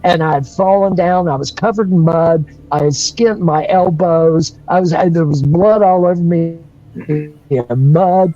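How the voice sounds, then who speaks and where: A man, his voice sitting a little high, tells a rambling story on a livestream. He stumbles, restarts and chuckles as he goes. The stream audio is slightly muffled, with faint music underneath. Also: measured pace, dark tone. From North Carolina. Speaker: guest storyteller.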